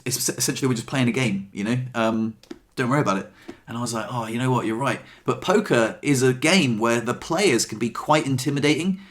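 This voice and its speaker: A man recounting his week to camera in a casual vlog, expressive and swearing freely, acting out what people said. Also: mid-range voice, brisk. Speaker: vlogger.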